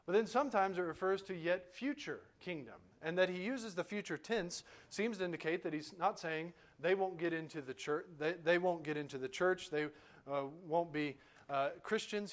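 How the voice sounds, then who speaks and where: Male preacher, slightly high voice, measured and emphatic, teaching from scripture. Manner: measured, emphatic, slows on key phrases. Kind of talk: expository sermon.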